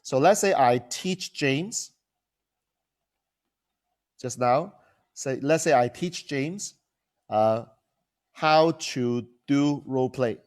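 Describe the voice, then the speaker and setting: Here the coach talks slowly, leaving long pauses, his voice at a medium pitch. He addresses the camera as a trainer would, asking rhetorical questions and often starting phrases over.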